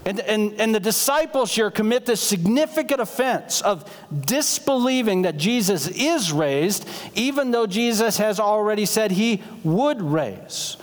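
A man preaching a sermon as pastor, telling stories in an animated, conversational way. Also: high-pitched, unhurried. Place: church sanctuary. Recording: long reverb of a church sanctuary.

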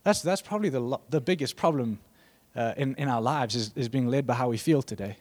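Male preacher, mid-pitched, casual rambling sermon delivery full of asides. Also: brisk, darkish tone. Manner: conversational, rambling with restarts and asides.

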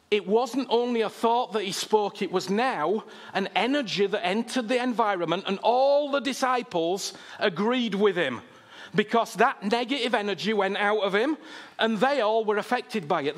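A man preaching a sermon, impassioned and repetitive, often asking "you understand me?". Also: high-pitched.

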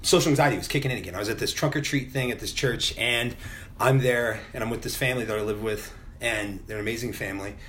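Middle-aged man, podcast guest, rapid confessional storytelling, salty language, faint hiss behind. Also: mid-range voice, a bit bright. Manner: fast, candid storytelling with swearing. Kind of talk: casual podcast chat.

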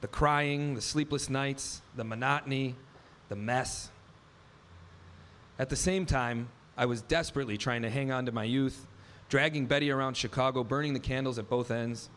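A man's voice: mid-range voice, fairly even intonation, normal speed, a bit bright, a little hiss or hum. A man in his thirties telling a personal story on stage, wry and vivid, acting out the dialogue in his own words. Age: 30s. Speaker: live storyteller. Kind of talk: first-person story told live on stage.

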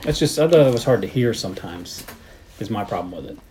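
A man's voice: on the low side, expressive, quick pace, dark tone, a little hiss or hum. A man co-hosting a casual movie podcast, laid-back with jokey asides. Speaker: podcast co-host. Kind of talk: casual chat.

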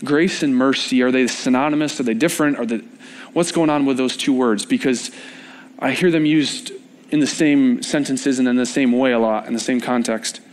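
A man's voice: mid-range voice, normal speed. Young guy preaching, chatty sermon, jokes with the crowd then gets all fired up. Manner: informal, joking with the congregation, rising to animated emphasis. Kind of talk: conversational sermon. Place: church service.

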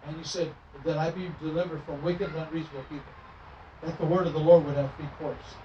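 Talking fast in a slightly high voice, a middle-aged man who ministers on the road tells sermon stories and acts out the dialogue with animation. The church sanctuary recording is distant and roomy, with noise muffling it.

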